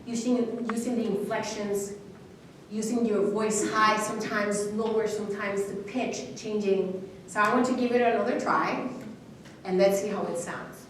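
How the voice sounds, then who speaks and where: A woman public speaking instructor leads a live workshop, coaching with expressive, encouraging delivery. Her voice sits at a middle pitch. It is heard from across a very echoey hall with faint noise. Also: normal speed, distant mic. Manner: encouraging, expressive, demonstrates dramatic reading. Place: university hall seminar.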